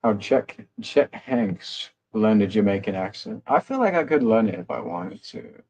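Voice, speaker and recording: A man's voice: on the low side, sing-song, normal speed, darkish tone, highs cut off. A young man with a rambling, self-mocking manner, hosting a casual livestream chat. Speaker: livestream host.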